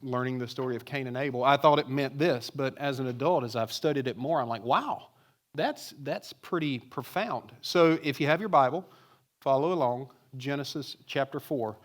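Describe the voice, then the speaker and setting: A man's voice: mid-range voice, a little fast. A man preaching a sermon to a congregation, talking conversationally and asking many rhetorical questions. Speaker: pastor. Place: church with congregation.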